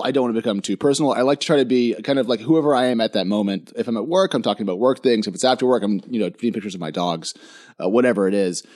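Energetic, self-deprecating podcast guest. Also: male voice, mid-range voice. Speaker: guest, tech journalist. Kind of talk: casual podcast chat. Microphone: headphones on, podcast mic.

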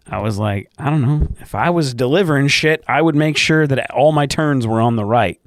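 A man's voice: medium pitch, normal speed, few pauses, no room sound, clean studio sound. A man telling a crude story in casual podcast chat, cursing freely and acting out voices. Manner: profane, animated retelling with quoted voices. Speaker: podcast co-host.

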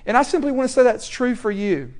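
A young man preaching a sermon, swinging from loud, emphatic questions to soft, hushed warnings. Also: very high voice, sing-song, brisk.

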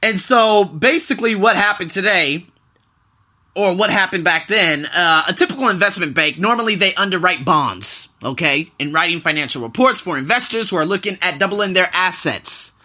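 A man hosts his own podcast as a casual monologue, loose and profane, drifting off on one tangent after another. His voice is high-pitched, bright and forceful. He sounds animated and keeps a moderate pace.

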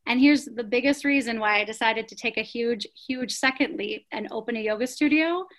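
Energetic woman telling a founder's story. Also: a little high, fairly quick. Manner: energetic, emphatic, many rhetorical questions. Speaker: prenatal yoga studio founder. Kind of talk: interview storytelling.

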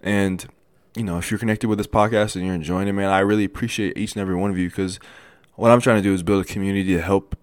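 Young guy doing a motivational podcast solo, deep voice, kinda halting, stumbles and restarts a lot, dry close sound. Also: fairly even intonation, dry recording. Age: young adult. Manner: earnest, casual, addresses listeners as "man" and "guys". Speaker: podcast host.

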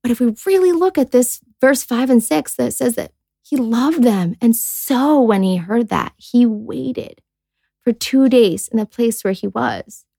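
Reading Bible passages and musing on them, a podcast co-host talks in an earnest, chatty way, sprinkling in many "like"s and voicing quoted figures on this casual faith show. Her voice is a little high, mellow and slightly slow, with vocal fry and no echo.

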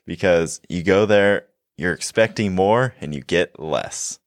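A man's voice: low-pitched, a little slow, dry recording, studio quality. A young man co-hosting a health podcast, chatting casually and joking, laughing often. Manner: animated, laughs often, jokey. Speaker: podcast co-host, health coach.

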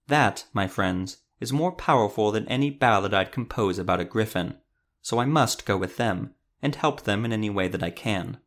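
An earnest male troubadour with a gentle sense of principle, as a storyteller puts him on. He speaks in a heartfelt, declaiming way. It suits a fantasy audiobook. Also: fairly low pitch, normal speed, close to an everyday voice.

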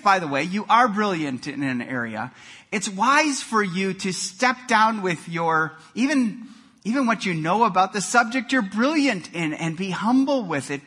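A man preaching a sermon, telling jokes and stories with animated emphasis and frequent repeated words. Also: a little high. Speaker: pastor.

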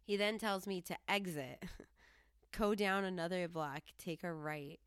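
A woman's voice: fairly low pitch, a little slow, clean tone, dry recording, studio quality. A woman hosting a podcast, telling a story in a casual monologue, laughing and acting out the people she quotes. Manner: animated, laughing, quoting herself and others. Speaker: podcast host.

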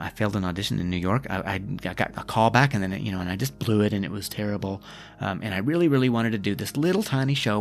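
Gravelly low-voiced man coaching gently. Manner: gentle, coaching, asks the listener questions. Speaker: podcast host. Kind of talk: reflective self-help talk. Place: lives in Scotland.

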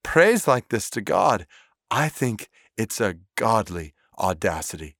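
A man's voice: lowish voice, sing-song, slow pace, fairly bright tone, no room sound, clean studio sound. A man, a pastor and father, giving an earnest devotional with many "like" fillers, then praying aloud. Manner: earnest, pleading, frequent "like" fillers. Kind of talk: devotional talk and prayer.

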